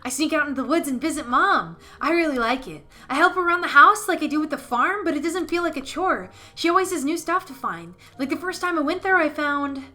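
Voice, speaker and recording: A woman voicing a shy, sweet little scarecrow boy in a game, eager and innocent, in a raised, bright voice. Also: high-pitched, expressive, brisk, few pauses, pitched above the performer's own voice.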